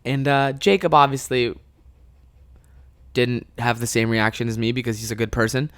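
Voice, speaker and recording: Speaking at normal speed with a smooth, mid-range voice and no echo, a young man from Canada hosts a podcast. He tells a funny story in a relaxed way, animated, cursing often and breaking out laughing.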